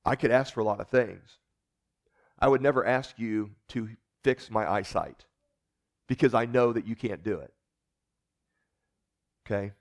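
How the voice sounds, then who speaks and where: A man's voice: on the low side, measured pace, pauses often. A man giving a conversational sermon as pastor, earnest, often repeating words and checking in with listeners.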